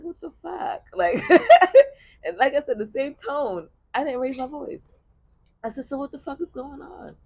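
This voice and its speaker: A woman with a husky voice tells a personal story in casual conversation. Her delivery is blunt and profane, with a lively pitch that swoops up and down. The sound is close and dry. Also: no room sound. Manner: blunt, profane, animated retelling with bursts of laughter. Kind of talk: casual story time chat.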